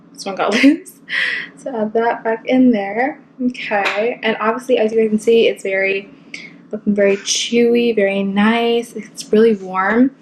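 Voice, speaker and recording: A woman's voice: mid-range voice, slight background noise, low-quality recording. A woman, talking casually and enthusiastically in a cooking vlog, rambling with lots of fillers. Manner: chatty, rambling, enthusiastic, with many likes and fillers. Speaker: cooking vlogger.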